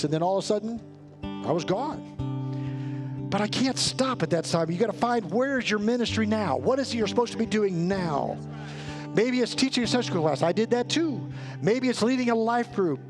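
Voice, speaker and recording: A man with a notably high voice preaches to his congregation, earnest and rising to emphatic peaks as he tells a story. Soft guitar plays faintly beneath him in the sanctuary. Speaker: pastor. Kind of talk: sermon with storytelling. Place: church sanctuary.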